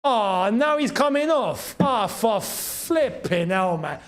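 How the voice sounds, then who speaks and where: Excitable high-voiced football watchalong host. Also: male voice, takes it slowly. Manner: excitable, shouting at big chances then groaning; chatty, reads out and thanks chat members. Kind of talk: live match reaction commentary.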